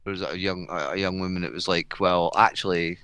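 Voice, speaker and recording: A man's voice: low-pitched, fairly even intonation, a little fast, fairly bright tone, smooth, no echo. A man co-hosting a podcast in casual chat, swearing heavily and ranting with frequent laughs. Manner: profane, ranting, laughs often. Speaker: podcast co-host.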